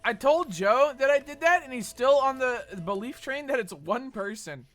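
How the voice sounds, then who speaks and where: A young American man streaming games and chatting casually, animated and profane, jumping between loud outbursts and low mumbles. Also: normal speed, soft background music. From United States. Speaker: Twitch streamer. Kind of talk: casual live-stream chat while gaming.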